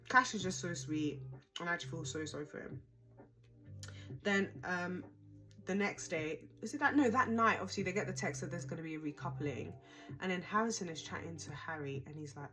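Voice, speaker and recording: A woman's voice: fairly low pitch, fairly quick, fairly bright tone, soft background music. A young woman casually recapping a reality show, chatty, dramatic and exasperated.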